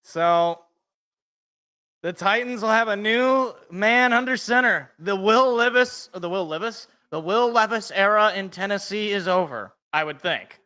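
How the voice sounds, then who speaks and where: A young man with a high, bright, fairly tense voice hosts a casual live reaction stream. He talks loosely, thinks out loud and chuckles to himself between remarks. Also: a little slow, clean tone.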